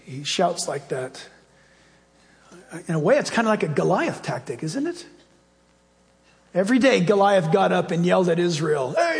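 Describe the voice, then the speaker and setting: A man, a pastor, preaching a sermon with animated storytelling and acted-out dialogue. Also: sits high, gravelly, big-room sound.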